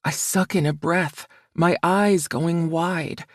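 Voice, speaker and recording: Woman reading a romance audiobook, kinda low voice, slow and soft, dry studio sound. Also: steady tone, no echo. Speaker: audiobook narrator. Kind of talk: first-person romance narration.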